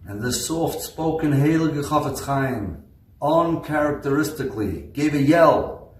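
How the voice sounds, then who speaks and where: A man, a rabbi, telling a story as a lecture in a slow, deliberate way that builds emphasis. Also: a little high, expressive. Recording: roomy sound from a distance.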